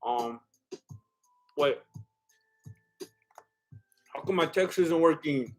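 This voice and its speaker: A man's voice: fairly high pitch, very slow, soft background music. A man hosting a casual live watch-along stream, reading viewer comments aloud while eating, chatty and a bit scattered, laughing often. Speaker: livestream host.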